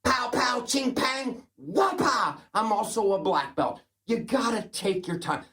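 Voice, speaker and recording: A man doing a comedy impression of a rambling, folksy Midwestern male governor who jumps suddenly in pitch. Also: big pitch swings, a little slow, sharp tone, full character voice.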